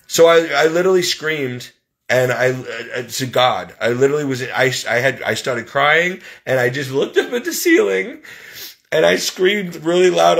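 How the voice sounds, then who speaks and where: Guy with a gravelly voice ranting about his caregiving job, fired up and preachy. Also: medium pitch, normal speed. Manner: heated, religious, aggrieved storytelling. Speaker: professional caregiver. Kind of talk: emotional personal vent.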